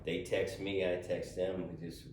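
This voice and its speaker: A man's voice: sits low, flat delivery, a little slow. A middle-aged man, a golf caddie, telling stories in a casual interview, stopping and restarting often with repeated words. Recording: roomy sound, voice from far off, faint noise.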